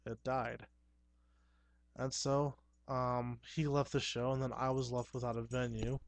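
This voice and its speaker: A man's voice: medium pitch, level tone, a little slow, no echo. A man, a clown performer, talking through a casual rambling monologue in an earnest, self-assured way, often restarting his sentences.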